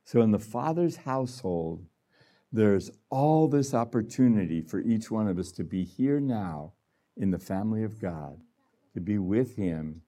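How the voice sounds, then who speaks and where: A man's voice: lowish voice, mellow. A man giving a conversational sermon to a gathering, laughing often and acting out little voices. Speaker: healing room director speaking.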